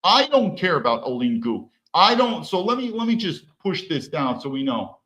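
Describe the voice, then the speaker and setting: A man's voice: on the high side, sing-song, moderate pace, bright, forceful tone, poor audio. A man ranting on his own commentary stream, heated and profane, often restarting his sentences. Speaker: livestream commentator. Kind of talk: solo political commentary stream.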